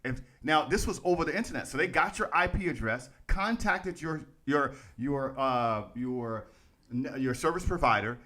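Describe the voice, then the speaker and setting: A man's voice: medium pitch, lively intonation, normal speed. A man co-hosting a casual podcast who makes his points with emphasis and speaks straight to the listeners. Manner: emphatic, addresses listeners as ladies and gentlemen. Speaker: podcast co-host.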